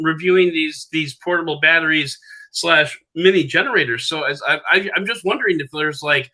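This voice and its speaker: A man's voice: fairly high pitch, sharp tone. A man hosting a podcast interview, chatting casually, rambling with lots of fillers and restarts and laughing at his own stories. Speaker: podcast host.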